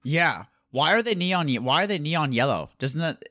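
A man's voice: fairly high pitch, sing-song, moderate pace, pushed and bright, no room sound. An American man hosting a podcast, laid-back and casual, saying "like" a lot as he asks questions. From United States. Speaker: podcast host. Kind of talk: casual interview chat.

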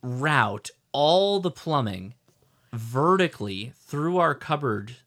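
A middle-aged man co-hosting a podcast, telling a rambling, animated story with lots of restarts. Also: medium pitch, slow pace. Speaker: podcast co-host. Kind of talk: casual chat.

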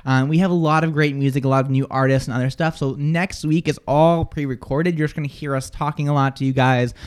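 A man's voice: medium pitch, fairly even intonation, fast, clean tone. A man co-hosting a live morning radio show, joking and teasing his co-host in casual banter. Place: radio studio.

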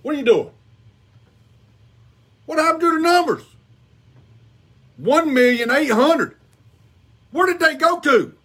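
A man hosting a call-in show gets into a heated back-and-forth with a caller, repeating himself and cussing as he goes. His voice sits very high and swings around a lot in pitch. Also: expressive, slow, long pauses, fairly bright tone. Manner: exasperated, repeats himself, cusses.

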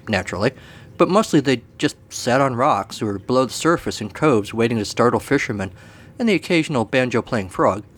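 Man telling a wry story. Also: mid-range voice. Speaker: storyteller host.

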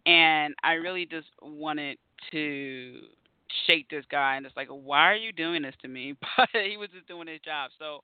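A man's voice: fairly high pitch, measured pace, smooth, no room sound. A man hosting a casual conversation, telling stories animatedly and acting out his own reactions. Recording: tinny phone-like line.

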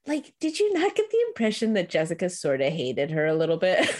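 A woman co-hosting a casual chat about a TV episode, animated and acting out characters' lines as she talks. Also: fairly low pitch, a little fast. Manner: animated, acts out characters' lines mid-story. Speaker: podcast co-host.

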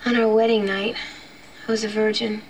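A woman's voice: mid-range voice, flat delivery, slight background noise, close to an everyday voice, rough recording. An actress as a nervous young woman confessing. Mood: confiding. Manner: halting, with nervous laughs. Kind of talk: film dialogue.

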